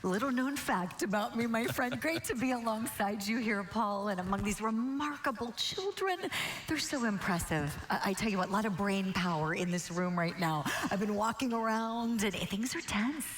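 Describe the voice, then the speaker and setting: A woman's voice: mid-range voice, animated, moderate pace, a little hiss or hum. A woman co-hosting a live event broadcast, speaking in a chatty, conversational commentary manner. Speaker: broadcast co-host.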